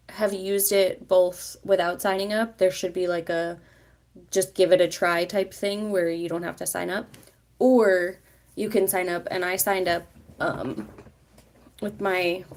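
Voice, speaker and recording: Chatty woman with a gravelly voice. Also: medium pitch. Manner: rambling, chatty, many fillers. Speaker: vlogger. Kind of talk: casual live chat.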